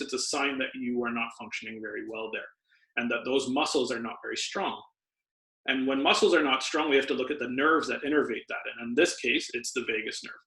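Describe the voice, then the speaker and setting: A man's voice: mid-range voice, bright, forceful tone. A man, a doctor, patiently explaining health tips as a podcast guest. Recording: roomy echo.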